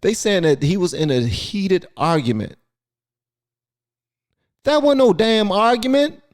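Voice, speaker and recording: A man's voice: high voice, unhurried. Incredulous man reacting to a clip. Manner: incredulous, animated. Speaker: reaction video host. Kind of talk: casual reaction commentary.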